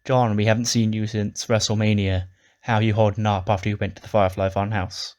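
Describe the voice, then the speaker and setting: A man voicing a boastful veteran male wrestler in brash, swaggering promo talk, in a low, flat voice. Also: fairly quick, natural voice.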